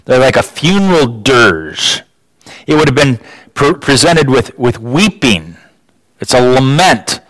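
Slow, dramatic preacher man. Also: big pitch swings, fairly bright tone, dry recording, low-quality recording. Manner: dramatic rises in pitch for emphasis, frequent restarts. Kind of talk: sermon.

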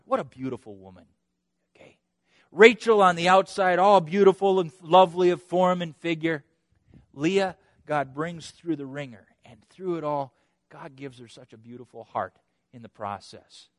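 A man delivers a sermon with lively energy, putting rhetorical questions to his listeners and chuckling as he goes. His voice sits fairly high for a man, and the recording is dry and close. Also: normal speed, dry recording. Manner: animated, rhetorical questions, chuckles between points. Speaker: preacher. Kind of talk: expository sermon.

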